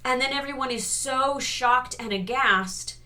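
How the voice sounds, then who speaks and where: Bright-voiced woman with wry criticism. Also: sits high. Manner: wry, critical, with dramatic pauses. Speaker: co-host reviewing a TV series. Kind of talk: casual review chat.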